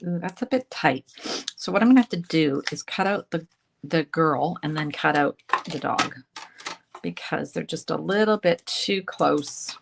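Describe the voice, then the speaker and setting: A woman, hosting a casual crafting tutorial livestream, chatting as she works and slipping into soft murmured asides. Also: sits low, gravelly, background noise. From Canada. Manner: chatty, talks while working, drifts into soft murmured asides. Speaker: craft instructor and livestream host.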